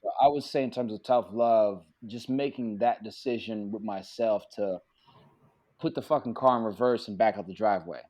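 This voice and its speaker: A man, an actor guest on a podcast, telling stories in an animated, casual way with plenty of cursing and acted-out quotes. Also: on the low side, normal speed, lo-fi sound. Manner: animated, profane, acts out quotes. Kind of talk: casual storytelling.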